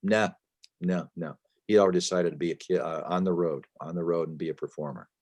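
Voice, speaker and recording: A man's voice: sits low, fairly even intonation, fairly quick, darkish tone. A man answering interview questions as an author over a video call, talking at length with emphasis, frequent restarts and fillers. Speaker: author guest.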